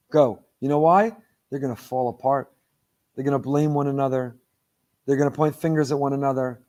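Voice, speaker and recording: Impassioned high-voiced rabbi preaching. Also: male voice. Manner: impassioned, rising to near-shouted emphasis; quotes Hebrew verses in a chanting study cadence. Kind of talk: sermon.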